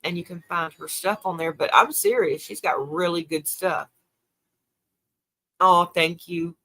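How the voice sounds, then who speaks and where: Emotional woman, gravelly voice. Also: lowish voice, unhurried, a bit bright. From South Carolina. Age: older. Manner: emotional, tearful, reads and answers viewer comments. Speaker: livestream host. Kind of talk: casual livestream chat.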